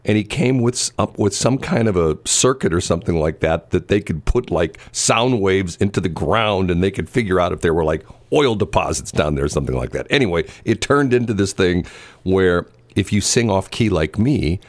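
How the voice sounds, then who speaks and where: A man's voice: low voice, expressive, moderate pace, dry recording. A man hosting a radio morning show in a studio, chatting casually and rambling with lots of restarts and fillers. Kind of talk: casual on-air banter.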